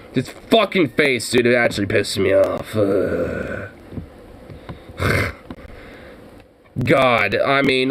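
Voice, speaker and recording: A man's voice: fairly high pitch, animated, slow, pauses often. A man streaming a profane, mocking reaction to a news clip, exasperated and swearing heavily.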